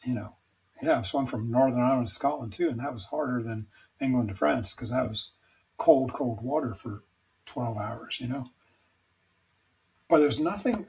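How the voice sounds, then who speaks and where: A man's voice: medium pitch, vocal fry, rough recording. A middle-aged man talking as a podcast guest, telling personal stories in a rambling, emphatic, self-deprecating way. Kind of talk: candid conversational storytelling.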